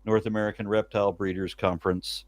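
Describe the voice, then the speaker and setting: An easygoing man co-hosting an online panel, joking with the others. His voice sits somewhat low. The sound is dry and close. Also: level tone, quick pace, no echo. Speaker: co-host. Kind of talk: casual panel chat.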